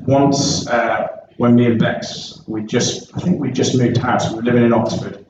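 A man's voice: medium pitch, steady tone, moderate pace, noisy background. A man, a pastor giving an earnest, conversational sermon in a church. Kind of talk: sermon with opening prayer. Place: church sanctuary. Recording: echoey church recorded from far off, dull sound.

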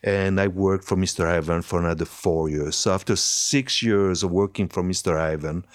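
An older man with a French accent tells his story in a very low voice. He talks freely, restarting phrases and laughing easily. The sound is close and dry. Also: steady tone, moderate pace, no room sound. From France. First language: Italian and French. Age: 70s. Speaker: hairstylist guest. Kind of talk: conversational interview.

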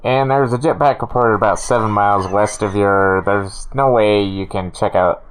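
Brisk tower controller, read by a man, smooth clear voice, medium pitch, clipped radio phrasing. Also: lightly acted. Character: adult male airport tower controller. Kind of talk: reading a radio transcript aloud.

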